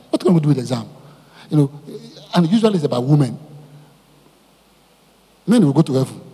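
A male pastor preaching with lively energy and often turning to his congregation with questions. His voice sits a little high and has a husky edge. A long church reverb trails behind every line. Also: quick pace, pauses often. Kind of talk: sermon. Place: church hall.

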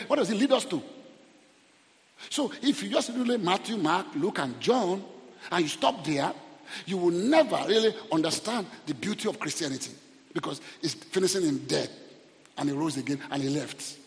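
A man preaching a sermon as pastor, animated, rising to shouts at the peaks and drawing responses from the congregation. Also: sits high, moderate pace. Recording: long hall reverb.

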